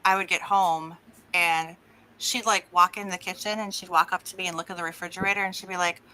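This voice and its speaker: A middle-aged woman from Oklahoma co-hosting a podcast over a remote call, chatting casually, laughing often and telling lively stories. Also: lowish voice, a little fast, low-quality recording. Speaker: podcast co-host. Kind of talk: casual chat.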